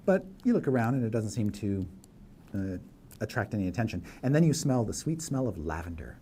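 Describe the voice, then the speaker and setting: A man's voice: lowish voice, warm tone, slight background noise. A man narrating a tabletop game as dungeon master, setting scenes in detail with frequent fillers.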